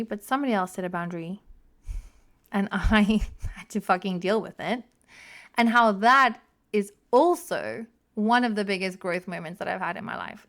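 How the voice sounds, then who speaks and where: Smooth-voiced woman podcaster, frank and swearing. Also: medium pitch, a bit bright. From South Africa. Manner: frank, self-mocking, swears freely. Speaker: podcast host. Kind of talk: candid solo podcast storytelling.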